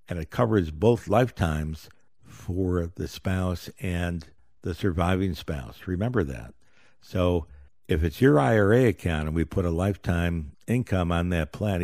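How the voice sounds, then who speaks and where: A middle-aged man hosts a live radio show on personal finance. His voice sits very low, and he talks in a folksy, upbeat salesman's patter. The studio sound is dry and close. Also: dark tone, no room sound.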